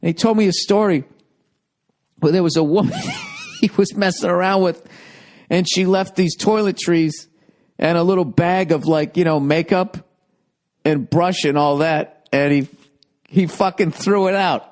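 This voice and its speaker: A man's voice: sits high, huge pitch swings, a little slow, pauses often, a little mellow. A middle-aged man telling stories in a casual, profane, rambling monologue with self-mocking asides. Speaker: comedian.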